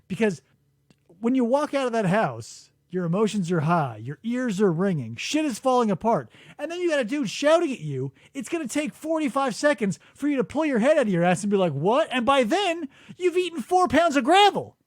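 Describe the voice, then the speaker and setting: A man with a high, lively voice tells stories on a podcast, jumping between his own voice and acted-out quotes and swearing freely. The sound is dry and close, with no room around it. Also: brisk, no echo. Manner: animated storytelling, acts out quotes, swears freely. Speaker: podcast host. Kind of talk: casual chat. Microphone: studio microphone.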